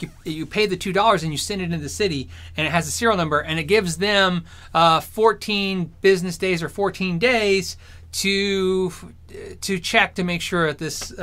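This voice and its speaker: A man with a high, bright voice chats casually to his viewers. He rambles through anecdotes with animated energy, speaking as a streamer. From Arizona. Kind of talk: casual storytelling chat.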